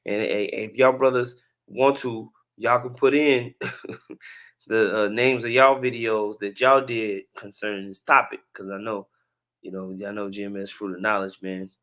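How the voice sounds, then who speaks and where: A man's voice: lowish voice, steady tone, measured pace, a bit bright. A man hosting a casual religious commentary, chatty and preachy, with chuckling asides between clips.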